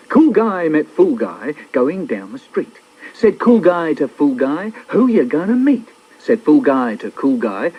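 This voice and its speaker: This poetry reading for kids features a man performing his own verse in a high-leaning, slightly rough voice. He's playful and dramatic, popping into little character voices, and the audio comes from a dull old cassette copy.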